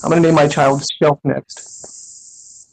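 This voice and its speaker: A person cracking playful jokes in casual banter, loud and full of laughter. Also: medium pitch, flat delivery, slow, vocal fry, rough recording. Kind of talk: joking banter.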